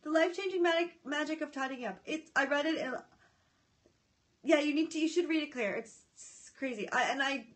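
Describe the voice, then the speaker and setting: High-voiced chatty woman livestreaming. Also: brisk. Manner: chatty and scattered, greeting viewers by name; excitable, often breaks off mid-sentence. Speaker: livestream host reading viewer comments. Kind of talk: casual live chat. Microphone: phone or tablet.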